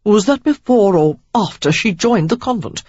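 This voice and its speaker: A reader voicing eager young gentlemen who gossip excitedly and loudly. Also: medium pitch, moderate pace, no echo, dull audio, voice pushed up, close to an everyday voice.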